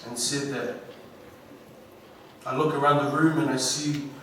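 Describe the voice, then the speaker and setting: A man with a New Zealand accent giving an inspirational graduation speech, slow and emphatic, heard from far off through a hall's speakers. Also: mid-range voice, level tone, slight background noise. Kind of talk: ceremonial speech. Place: large school hall. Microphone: PA microphone, recorded from the audience. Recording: echoey hall from far off.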